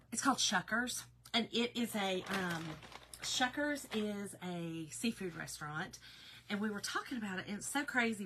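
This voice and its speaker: Chatty Southern woman with a bright voice. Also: on the high side, slight background noise. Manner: chatty, folksy, talks to viewers as y'all. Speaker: craft business owner hosting a live video. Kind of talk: casual live chat while crafting.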